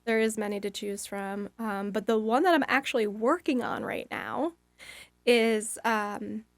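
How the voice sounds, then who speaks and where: A woman guest on a podcast, telling a long story in a loose, rambling way. Her voice sits fairly high. She leans on fillers and slips in acted-out lines of her own thoughts. Her voice is recorded close and dry, with no room sound. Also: steady tone, a little slow, no room sound. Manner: rambling, with many fillers and acted-out inner dialogue. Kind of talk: casual storytelling.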